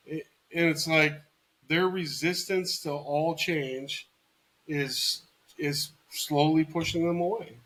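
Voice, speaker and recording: Slightly high-voiced man telling shop stories. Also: fairly even intonation, takes it slowly, a bit bright, poor audio. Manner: matter-of-fact storyteller, dry jokes. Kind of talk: casual podcast chat.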